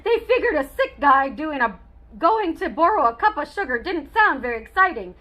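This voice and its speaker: A woman's voice: high voice, big pitch swings, moderate pace, highs cut off. A woman reading a children's book aloud as a chatty, wry male wolf telling his side of the story.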